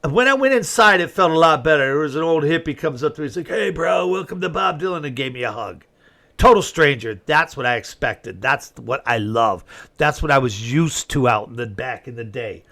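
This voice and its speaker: A man's voice: medium pitch, lively intonation, fairly quick, bright, forceful tone. A middle-aged man hosting a talk show, giving a rambling, folksy opinion monologue that flares up when he gets indignant. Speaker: host.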